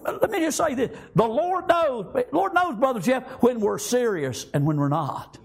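High husky preacher. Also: male voice, animated, normal speed. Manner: fervent, repeats amen and praise God often. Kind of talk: sermon.

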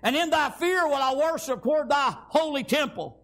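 A man preaches in a very high voice. He stumbles through fillers and restarts, breaking in often with amen and praise God. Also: animated, moderate pace, a bit bright. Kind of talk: sermon.

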